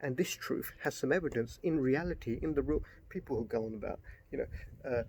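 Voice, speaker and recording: A man's voice: medium pitch, fairly quick, a little mellow, slight background noise. A middle-aged man giving a casual spoken book review, rambling, getting worked up and swearing.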